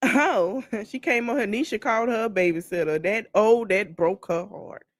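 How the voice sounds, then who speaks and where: A woman's voice: mid-range voice, a little slow, dry recording. A woman hosting a podcast, giving blunt, mocking gossip commentary and laughing often. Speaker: podcast host.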